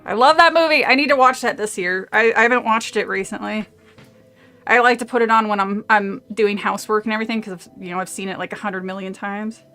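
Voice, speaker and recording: Talking fast in a sharp, medium-pitched voice, a woman reads a horror novel aloud on stream, rambling into tangents and laughing frequently. Faint music sits behind her, along with faint movie audio.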